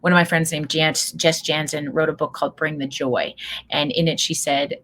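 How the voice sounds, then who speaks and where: A middle-aged woman leads a workshop with an energetic motivational talk. Her voice sits low for a woman but has a bright, forceful edge. She tells stories with animated energy. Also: moderate pace, a little hiss or hum, rough recording. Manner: animated storyteller, acts out quotes loudly. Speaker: speaker leading a workshop.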